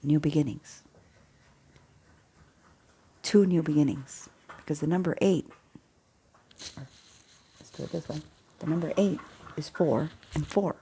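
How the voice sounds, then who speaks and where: A woman's voice: sits low, measured pace, long pauses, mellow, a little hiss or hum. A woman casually telling a personal story as a faith vlogger, rambling, repeating words and often dropping into a half-whisper.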